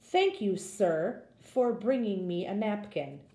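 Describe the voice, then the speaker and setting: Slow, patient woman teaching phonics. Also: medium pitch, lively intonation, mellow, reverberant. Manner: slow, patient sounding-out of words. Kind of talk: phonics lesson for children.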